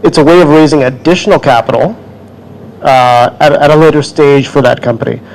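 Man explaining quickly on a panel. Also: on the high side, gravelly, darkish tone, low-quality recording. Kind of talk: explaining in a question and answer session.

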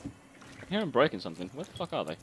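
Man from Canada, excitable gamer, very lively pitch. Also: fast talker, a little hiss or hum. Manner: excitable, laughing. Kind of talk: casual gaming chat.

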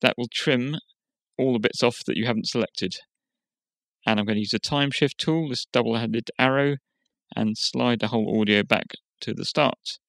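A man hosting a software tutorial, explaining each step in a plain, steady way. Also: mid-range voice, moderate pace, no echo. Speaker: tutorial host. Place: quiet room.

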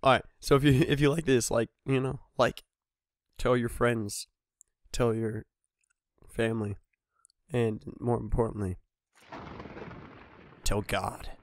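A man's voice: medium pitch, fairly even intonation, takes it slowly, long pauses, no echo. A young man hosting a gaming channel, giving solo let's-play commentary with joking, self-mocking, rambling asides.

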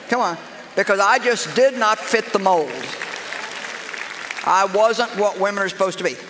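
An older woman preaching a humorous sermon, telling stories in an animated, sassy, self-mocking way. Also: medium pitch, a little slow, pauses often, noisy background. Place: large church auditorium with a live congregation. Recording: echoey hall with crowd laughter.

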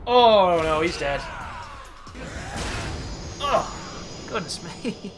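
Guy yelling and joking over a game, voice jumps all over, music under it. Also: high voice, extremely slow. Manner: excitable, crude jokes, sudden exclamations. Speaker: gameplay commentator. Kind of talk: let's play commentary.

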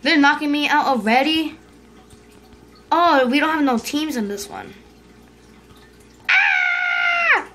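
A female host giving casual commentary over her gameplay, excitable, yelping and urging herself on, dropping to hushed whispers when scared. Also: high voice, background noise. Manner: excitable, yelps and shrieks, fast repeated urging. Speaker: gaming video host.

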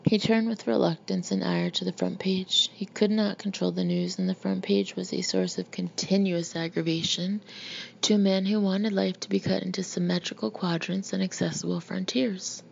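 A woman narrating an audiobook in a steady, measured, gravelly voice, in a muffled lo-fi recording. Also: medium pitch. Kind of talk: audiobook reading. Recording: muffled lo-fi recording with faint hiss.

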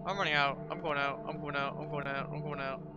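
A man commenting on a horror game as he plays, easily frightened, repeating himself over and over and yelling and swearing in alarm. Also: fairly high pitch, steady tone, fast talker. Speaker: gaming channel host. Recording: dull lo-fi with game music. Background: game soundtrack music.

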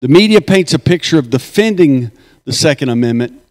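A man's voice: a little high, lively intonation, fairly quick, darkish tone. A man giving a folksy, joking talk at a conference and leading the crowd in chants. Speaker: conference speaker. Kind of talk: speech at a conference. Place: conference hall.

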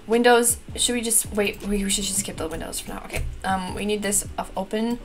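Young woman, Wisconsin accent, flustered rambling commentary, soft music behind. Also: mid-range voice, steady tone, fairly quick. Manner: flustered, chatty, lots of fillers and repeated exclamations. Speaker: gaming YouTuber. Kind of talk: frantic timed building commentary. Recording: light background music.

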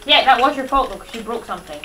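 A woman's voice: on the high side, expressive, very fast, echoey room, very noisy. Bossy young woman gaming, far from mic. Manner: bossy, teasing, bursts of loud complaint. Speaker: gamer. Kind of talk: casual gameplay chat.

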